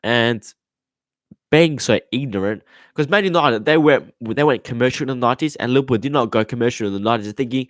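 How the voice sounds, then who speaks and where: Excitable, swearing young football fan. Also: male voice, medium pitch, quick pace, no echo, clean studio sound. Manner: excitable, swears often, rambles with restarts. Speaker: football podcast host. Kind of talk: casual live-stream chat.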